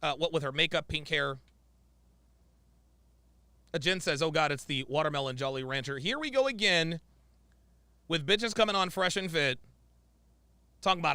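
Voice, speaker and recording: A male podcast host reacts to a clip with sarcastic commentary, often mimicking the people he is mocking. His voice is gravelly, with a sharp, bright edge, slightly higher than most men's. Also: animated, moderate pace, pauses often, no echo. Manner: sarcastic, mimics others in quotes.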